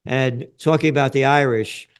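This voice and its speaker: A man's voice: medium pitch, fairly even intonation, moderate pace, clear, resonant tone. A man in his seventies with a New York accent, a guest in an interview who talks bluntly and emphatically and swears freely. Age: 70s. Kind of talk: conversational interview.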